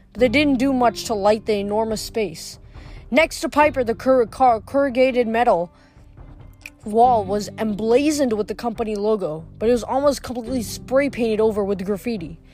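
A woman's voice: on the high side, darkish tone. A woman reading a novel aloud, stumbling now and then over words, giving the characters' lines small changes of voice. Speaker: reader. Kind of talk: audiobook reading.

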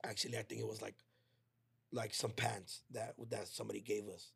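Gravelly man telling a story. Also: fairly low pitch, little pitch movement. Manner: slangy and heartfelt, acts out friends' lines in quick quoted bursts. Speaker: podcast co-host. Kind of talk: casual storytelling chat.

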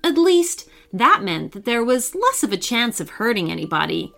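Woman, storyteller, scripted story narration, high-pitched, very lively intonation, dramatic pauses. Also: creaky.

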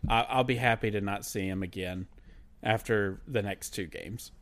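Animated man ranting about a basketball player. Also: lowish voice, moderate pace. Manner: animated, mocking, laughs while talking. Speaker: podcast co-host. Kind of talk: casual sports chat.

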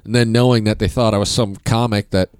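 A man's voice: fairly low pitch, fairly quick, smooth, dry recording. A comedian guest, a man telling stories in casual, profane chat, laughing often. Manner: animated, profane, laughing storyteller.

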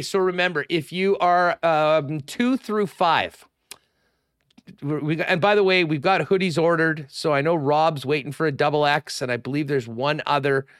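Chatty Canadian sports radio host. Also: male voice, a little high, fairly bright tone, dry recording, studio quality. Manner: chatty, rambling, promo reads. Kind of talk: casual sports talk.

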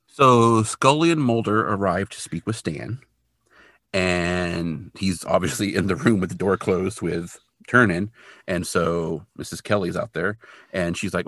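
A man co-hosting a podcast, recapping an episode in casual, animated storytelling full of "like". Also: sits low, a little slow, no echo, clean studio sound. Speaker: podcast co-host.

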